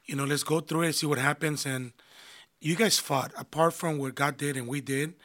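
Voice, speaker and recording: A man's voice: a little high, fairly even intonation, moderate pace, fairly bright tone. A man, a pastor and marriage counselor, talking earnestly in a casual conversation and often restarting his phrases.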